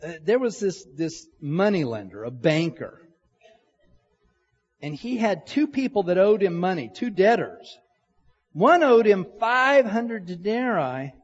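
A middle-aged pastor preaching in a relaxed, storytelling way, like he is talking with the congregation. His voice is husky and sits a little high. The recording is dull and lo-fi, with a long reverb from a large hall. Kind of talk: sermon.

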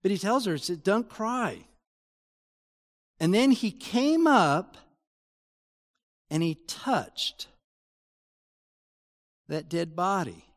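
A man preaching a sermon, his voice sitting high for a man. He talks slowly and earnestly, building to emphatic peaks, and the sound rings out through a hall with a long reverb. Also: sing-song. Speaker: pastor.

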